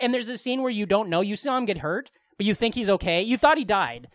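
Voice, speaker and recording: A man's voice: sits high, lively intonation, quick pace, hardly any pauses, no echo, clean studio sound. A man co-hosting a podcast in casual chat, rambling and swearing freely. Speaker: podcast co-host.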